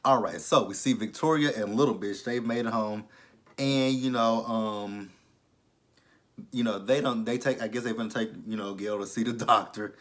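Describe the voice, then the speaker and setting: A man's voice: on the low side, normal speed, a bit bright. A man giving a casual, blunt and profane recap of a TV episode, exasperated with the characters. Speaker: TV show reviewer.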